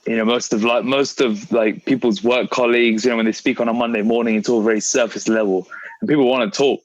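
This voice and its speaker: A man's voice: mid-range voice, steady tone, fast, no echo. A man hosting a fitness podcast, chatting casually and steering the talk with questions. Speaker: podcast host and fitness coach. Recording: dry, slightly muffled audio.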